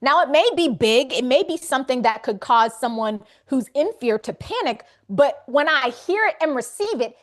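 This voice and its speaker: A woman's voice: sits high, expressive, normal speed, few pauses. A woman hosting a live faith coaching session, speaking conversationally and emphatically to her audience. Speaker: faith wellness coach and host.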